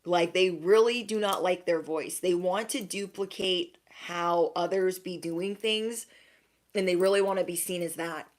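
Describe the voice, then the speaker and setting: A young adult woman, an intuitive card reader, gives her viewers a casual reading in a fairly low voice at a measured pace. She's frank and chatty, with lots of "like" fillers.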